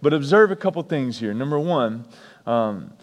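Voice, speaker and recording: A pastor preaching a sermon, repeating key lines for emphasis and breaking off for chatty asides. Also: male voice, medium pitch, expressive, normal speed, long reverb tail.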